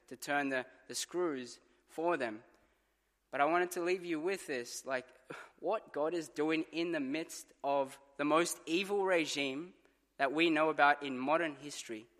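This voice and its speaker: A man's voice: on the high side, fairly bright tone. A man preaching a sermon as pastor, telling stories earnestly and acting out what others said. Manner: earnest storytelling with dramatized quotes. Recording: long church reverb.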